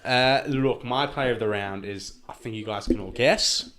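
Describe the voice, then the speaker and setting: A man's voice: mid-range voice, moderate pace, a bit bright. An Australian man co-hosting a casual sports podcast, hesitant and full of restarts but keen. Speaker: podcast co-host.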